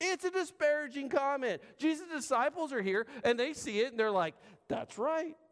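A man with a high, light voice preaches to his congregation, conversational and direct, leaning on pauses for emphasis. His words ring out with a long reverb from the church hall around him. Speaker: pastor. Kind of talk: sermon.

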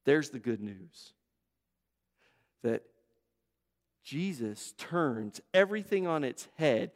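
A male pastor preaches slowly in a medium-pitched voice with big pitch swings. He piles up phrases emphatically and repetitively, using conversational asides and rhetorical questions aimed at the congregation, while the long reverb of a large hall hangs on his words.

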